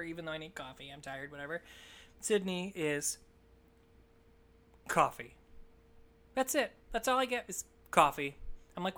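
A woman's voice: lowish voice, moderate pace, long pauses, a bit bright. A young woman co-hosting a podcast, chatting and telling stories in a chipper way. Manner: giggly, storytelling, chipper. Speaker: podcast co-host. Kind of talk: casual chat.

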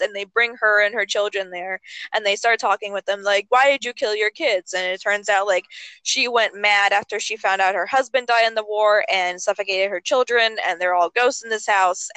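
A young woman talks loosely and animatedly, swearing as she goes and now and then leaping into high squeaky voices for the characters. Her voice is bright and edgy, recorded dry and close. It sounds like an easygoing chat between friends. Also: no echo, poor audio. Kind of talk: casual chat.

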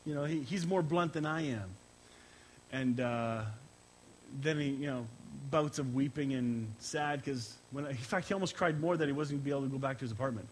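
A middle-aged man, a pastor, gives a conversational sermon after an opening prayer, sounding emotional and halting as he speaks personally. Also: medium pitch, a little hiss or hum, low-quality recording. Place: church service, streamed live.

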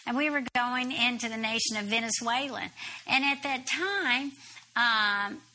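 A woman telling a personal story on a broadcast in an animated, lively way. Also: on the high side, unhurried.

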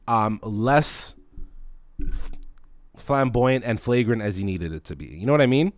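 A young man hosting a casual podcast, ranting comedically with profanity, swinging from loud exclamations to low mutters. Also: expressive, a little slow, long pauses, dry recording. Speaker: podcast host.

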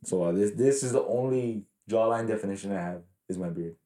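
Speaking briskly with a fairly low, dark voice in an echoey room, this man of Mexican heritage co-hosts a podcast. His casual storytelling rambles, swears and is full of fillers.

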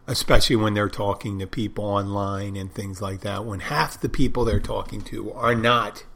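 A man's voice: on the low side, fairly bright tone. Man rambling through a casual monologue. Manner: rambling, self-interrupting, conversational.

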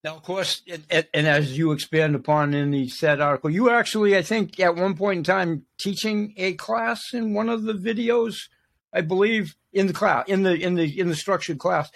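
An older man with a high voice hosts a casual podcast interview. He rambles through tangents, restarting sentences again and again as he chats with his guest. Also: moderate pace, creaky. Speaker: podcast host.

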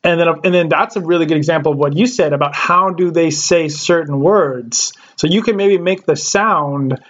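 Podcast host, male, slightly higher voice, loose rambly delivery with fillers and swearing, dull lo-fi audio. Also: moderate pace, a bit bright. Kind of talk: casual podcast chat. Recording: lo-fi dull sound.

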